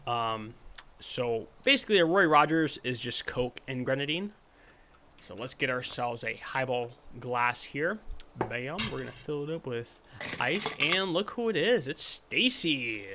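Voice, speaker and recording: A man's voice: medium pitch, normal speed, a little hiss or hum. A man giving casual, rambling gameplay commentary, full of fillers. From United States. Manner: rambling, relaxed, lots of fillers. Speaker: gaming channel host.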